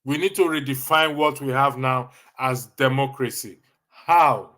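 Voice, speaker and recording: Bright-voiced Nigerian man, chuckling host. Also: mid-range voice, measured pace. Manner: chuckles often, teasing and animated. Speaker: livestream host. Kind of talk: casual livestream commentary answering chat comments.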